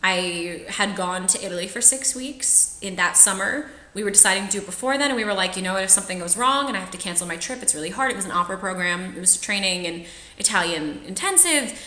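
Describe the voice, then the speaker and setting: A woman's voice: mid-range voice, lively intonation, fast talker, sharp tone, roomy sound. A woman in her twenties, a trained singer, telling a personal story to camera in a chatty, frank way and laughing often. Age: 20s. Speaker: vlogger sharing personal experience.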